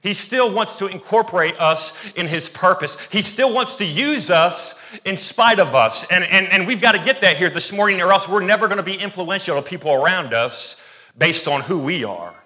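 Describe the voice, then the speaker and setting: A pastor preaching a sermon, reading scripture and breaking off into quick asides and self-corrections. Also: male voice, high-pitched, expressive, sharp tone.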